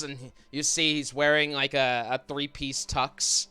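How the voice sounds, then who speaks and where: A man narrating as game master of a tabletop role-playing stream, talking in halting bursts with many restarts. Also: fairly high pitch, flat delivery, pushed and bright, clean tone. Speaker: dungeon master.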